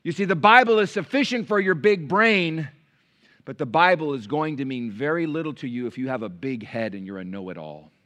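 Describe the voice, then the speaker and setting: High bright-voiced pastor preaching animatedly. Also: male voice, normal speed. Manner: animated preaching, swings from loud to hushed. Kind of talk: sermon. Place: church.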